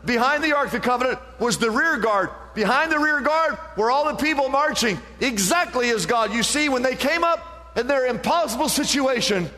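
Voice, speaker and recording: A man's voice: extremely high pitch, animated, normal speed, bright, forceful tone, long reverb tail. A male pastor preaching an impassioned sermon, building each point to a repeated refrain.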